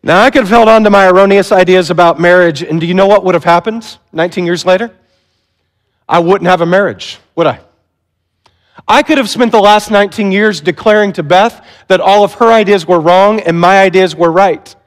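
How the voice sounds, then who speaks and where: A man's voice: high-pitched, brisk. A man in his forties preaching from a stage, self-deprecating and asking the audience questions. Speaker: pastor. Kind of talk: sermon. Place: large hall on stage. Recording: long hall reverb.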